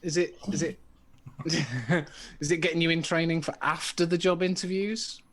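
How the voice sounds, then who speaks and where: A man's voice: fairly high pitch, normal speed, a bit bright. A man from the UK co-hosting a casual live vape chat, joking and chiming in with short replies. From United Kingdom. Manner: jokey, laughs often, chimes in with short replies. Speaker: podcast co-host.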